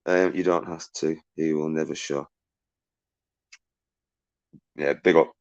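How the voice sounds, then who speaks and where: Low-voiced man ranting on a livestream. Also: fairly even intonation, takes it slowly, lo-fi sound. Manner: agitated and ranting, swears often, shouts out viewers. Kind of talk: livestream chat reading viewer messages.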